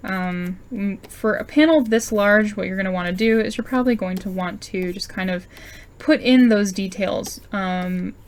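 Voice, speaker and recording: A woman's voice: mid-range voice, moderate pace, slight background noise. Chatty woman teaching comic layout. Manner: chatty, explains while sketching, many fillers. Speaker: comic art tutor. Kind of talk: casual drawing tutorial.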